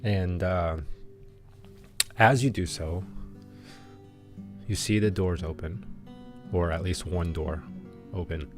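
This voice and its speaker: A man narrating a tabletop game as game master, in a halting way with many pauses and restarts. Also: low voice, steady tone, soft background music.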